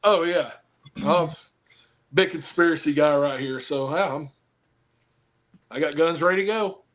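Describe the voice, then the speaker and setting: A man's voice: a little high, measured pace, a bit bright. A man who wrestles professionally and coaches football, chatting casually on a podcast, rambling and joking while he hands out blunt advice.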